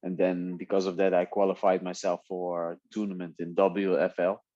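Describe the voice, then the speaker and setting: A man whose first language is Dutch, telling stories in a relaxed way in a casual interview, often laughing. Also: low voice, normal speed, no echo, dull audio. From Netherlands. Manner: relaxed storytelling with frequent laughs and restarts. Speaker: guest, MMA fighter.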